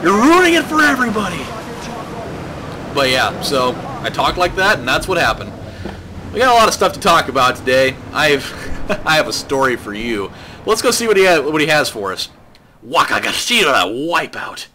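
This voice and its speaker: A man's voice: medium pitch, very animated, normal speed, bright, forceful tone, slight background noise. A man hosting a let's play, giving rambling, joking and crude casual commentary over his gameplay. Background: game music.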